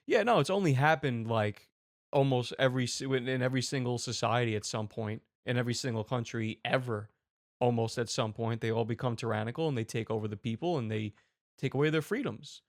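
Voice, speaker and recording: A man's voice: medium pitch, brisk, dry recording, clean studio sound. A man hosting a ranting commentary show, talking in an exasperated, profane and sarcastic way. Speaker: host.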